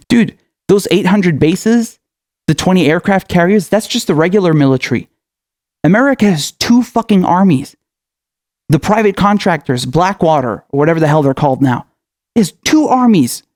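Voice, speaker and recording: A man's voice: sits high, lively intonation, normal speed, darkish tone, no echo, clean studio sound. A male political commentator in a furious, profane rant, firing off angry questions.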